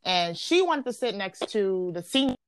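Lively young woman telling a story. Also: medium pitch, moderate pace, clean tone. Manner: animated, slangy, acts out quotes. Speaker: podcast host. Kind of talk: casual storytelling chat.

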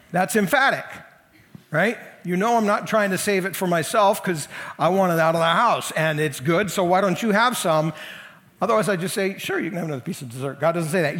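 A man's voice: high-pitched, fairly quick, fairly bright tone, in a large hall. A man preaching a sermon as senior pastor, talking to the congregation in a conversational and emphatic way. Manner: conversational, emphatic, leans into quoted voices.

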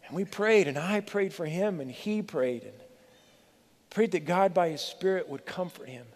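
A middle-aged pastor with a fairly high voice preaches earnestly, pleading with his listeners and leaning on dramatic pauses. His voice rings with the long reverb of a church hall. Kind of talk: sermon.

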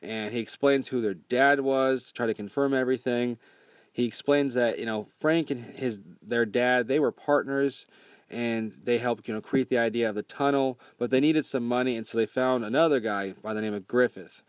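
A man's voice: mid-range voice, normal speed, no echo. Laid-back guy cussing his way through a movie recap, dry close sound. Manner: rambling, profane, laid-back.

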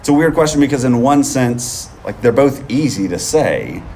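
A man of middle pitch preaches outdoors in a loose, conversational way. He keeps checking in with his listeners. A faint hiss of noise sits under his voice. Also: lively intonation, normal speed, a little mellow. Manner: conversational, often adds "right?". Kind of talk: sermon. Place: outdoors on a field.

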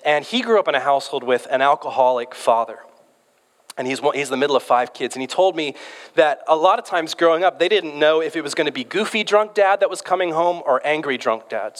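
A man's voice: medium pitch, a bit bright. A man in his thirties preaching a sermon in a conversational, storytelling way, often restarting his words. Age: 30s. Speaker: pastor. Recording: long hall reverb.

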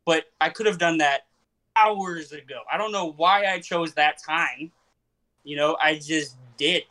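A young man talks through his thoughts on a podcast, rambling and circling back on himself as he goes. His voice sits a little high, and his tone is bright and ringing. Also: unhurried. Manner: rambling, self-questioning, many restarts. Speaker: podcast host and comedian. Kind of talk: casual podcast chat.

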